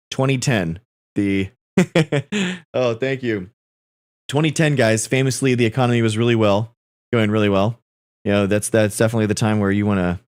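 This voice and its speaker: A man's voice: lowish voice, darkish tone, dry recording, studio quality. A man in his thirties, a livestream host, chatting casually and telling rambling personal stories to his viewers. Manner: rambling storytelling, addressing viewers as guys.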